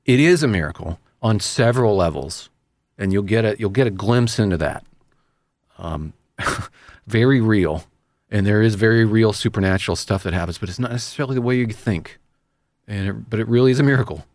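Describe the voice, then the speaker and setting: A man's voice: on the low side, brisk, darkish tone, no echo, studio quality. A man hosting a casual talk show, speaking in an earnest, rambling, self-deprecating way. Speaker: radio host. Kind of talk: casual chat.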